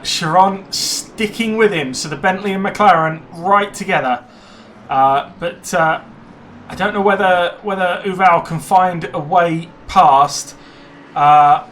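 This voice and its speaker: A man giving live commentary on a sim race, chatty and excitable when cars overtake. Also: high-pitched, slight background noise.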